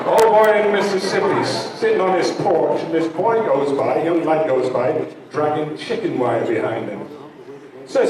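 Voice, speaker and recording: An older man telling jokes to an audience at a community show, a lively storyteller who acts out every voice. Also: on the high side, moderate pace, a crowd in the background. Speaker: joke teller at a community show. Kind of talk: stand-up joke telling. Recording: echoey hall from far off.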